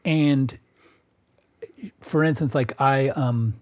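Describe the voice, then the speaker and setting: A man in his fifties, co-hosting a podcast, talks about personal matters in a reflective, halting way with many restarts. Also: medium pitch, darkish tone. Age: 50s. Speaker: podcast co-host. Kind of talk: casual personal conversation.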